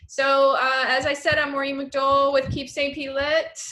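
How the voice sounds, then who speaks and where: Female interview host; enthusiastic, bright, slightly high voice. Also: flat delivery, normal speed. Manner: enthusiastic, gushing praise. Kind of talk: casual interview chat.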